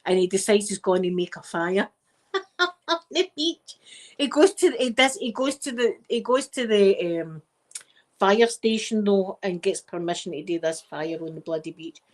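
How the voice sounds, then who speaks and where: A middle-aged Scottish woman in soft-spoken casual chat, rambling warmly as an ASMR host. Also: medium pitch, lively intonation, a little slow. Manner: chatty and rambling, with frequent wee and laughter.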